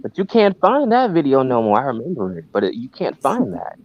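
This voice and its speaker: A man co-hosting a casual podcast, telling stories in a drawn-out, conspiratorial way. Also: medium pitch, wildly swooping pitch, slight background noise. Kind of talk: casual chat. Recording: dull, dry lo-fi sound.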